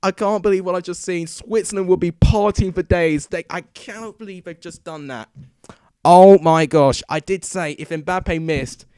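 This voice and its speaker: A man hosting a football watchalong, giving excitable live commentary into a desk microphone and breaking into shouts at big moments. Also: sits high, normal speed, few pauses, smooth, no echo, clean studio sound. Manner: excitable, erupting into shouts at goals.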